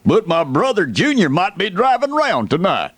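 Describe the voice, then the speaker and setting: A man's voice: high voice, wildly swooping pitch, moderate pace, a bit bright, husky, no echo, heavily acted. A man playing an indignant folksy redneck who rants about dumb neighbors. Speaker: radio comedian.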